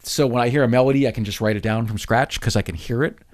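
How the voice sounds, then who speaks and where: A man co-hosting a podcast, talking film in a casual, articulate way with quick bursts of speech. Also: medium pitch. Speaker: podcast co-host.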